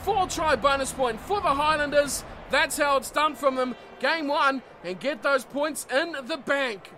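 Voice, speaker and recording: A man giving rugby play-by-play commentary for a video game. He surges into shouts on big plays and settles down when he breaks them down. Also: very high-pitched, measured pace, slight background noise. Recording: game commentary over loud music.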